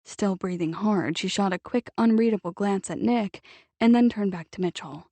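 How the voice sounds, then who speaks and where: A woman reading a novel aloud as audiobook narrator in a measured, even storytelling manner on a close mic. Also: mid-range voice, no room sound. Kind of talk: scripted narration.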